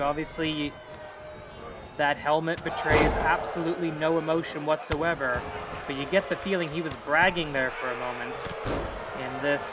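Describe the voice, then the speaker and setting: A man calling a wrestling match as play-by-play commentator, dramatic and hype-building, rising to shouts on big moves. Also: a little high, very noisy. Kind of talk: live-style wrestling commentary.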